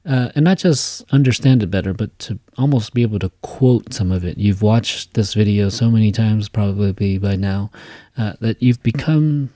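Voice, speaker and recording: A man teaching a class, explaining an assignment in a casual way, with many fillers and quick "okay?" checks. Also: on the low side, dark tone, no echo, studio quality. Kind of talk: recorded class lecture.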